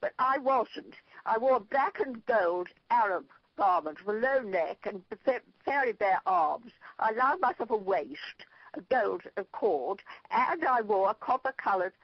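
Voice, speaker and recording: An older Irish woman spins a rambling anecdote for an interviewer, her pitch leaping up and down as she goes. She laughs easily at her own stories. The sound is dry and dull, like a muffled phone line. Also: unhurried, breathy edge, no echo. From Ireland. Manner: lively, rambling storyteller who laughs at her own tales. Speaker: interview guest, spiritual leader.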